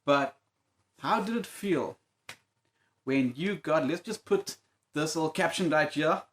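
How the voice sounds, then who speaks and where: A male host asking questions in a relaxed studio chat. His questions are friendly and loosely worded. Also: fairly high pitch, unhurried, slight background noise. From South Africa. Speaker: interview host. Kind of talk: casual interview questions.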